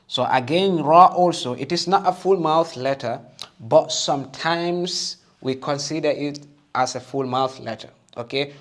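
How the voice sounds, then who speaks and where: A man teaching the Arabic alphabet and Quran reading, patient and encouraging, often checking with "okay?" and sounding out each letter loudly for listeners to repeat. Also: mid-range voice. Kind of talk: slow patient alphabet lesson with call-and-repeat.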